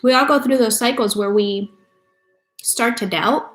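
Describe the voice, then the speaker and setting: A woman with a fairly high, slightly bright voice takes her time as she reads tarot casually for her viewers. Her delivery is blunt and loaded with swearing, and the recording picks up room echo and faint music.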